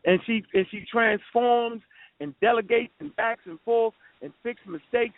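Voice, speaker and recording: A man's voice: very high-pitched, unhurried, no echo. A man arguing in a heated phone debate, combative and interrupting, in casual slang. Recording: tinny phone line.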